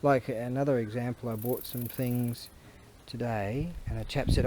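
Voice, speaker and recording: A man's voice: mid-range voice, brisk, a little mellow, a little hiss or hum. A man, chatting casually in a rambling, storytelling way for his vlog, recorded outdoors on a camera mic. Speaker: vlogger.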